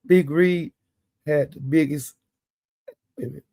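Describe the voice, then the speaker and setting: Host: a man, husky and rough, rambling gossip storyteller. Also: on the high side, fairly even intonation, measured pace, mellow, no room sound. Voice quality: gravelly, husky. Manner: rambling, with quoted asides. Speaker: channel host.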